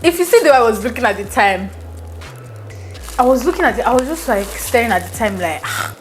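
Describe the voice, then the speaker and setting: A woman telling a story in an animated, laughing way while cooking in her home kitchen. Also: fairly high pitch, fast, slight background noise, low-quality recording. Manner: animated, laughing, mixes in slang. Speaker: vlogger. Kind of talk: storytelling vlog. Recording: kitchen with loud frying sizzle.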